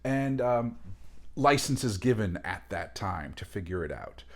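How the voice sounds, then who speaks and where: Man, on the low side, loosely talks through a reading with chatty asides and restarts. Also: unhurried. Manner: discursive, many fillers and restarts, animated asides. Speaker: lecturer. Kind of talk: casual spoken lecture on a reading.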